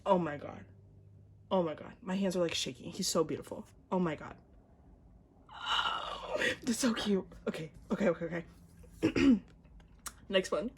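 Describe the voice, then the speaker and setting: A woman's voice: fairly low pitch, a little fast, darkish tone, slight background noise. A young woman, casually gushing and gasping as she unboxes an album, often dropping to a whisper. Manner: gushing fan, gasps and squeals, slides into whispers.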